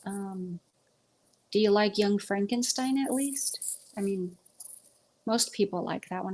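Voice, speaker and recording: A woman's voice: mid-range voice, takes it slowly, long pauses, darkish tone. A woman hosting a casual livestream from home, chatting to viewers about movies with a rambling manner and many ums. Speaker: livestream host. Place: at home with pets.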